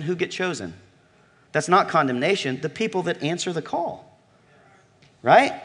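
A man preaching a sermon with emphatic delivery, shifting from loud calls to low murmurs and asking the congregation questions. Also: very animated, normal speed, long pauses, husky. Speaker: pastor.

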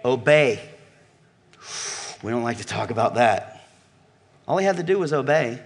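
A man preaching a sermon with emphatic delivery, shifting from loud calls to low murmurs and asking the congregation questions. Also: animated, normal speed, husky. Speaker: pastor.

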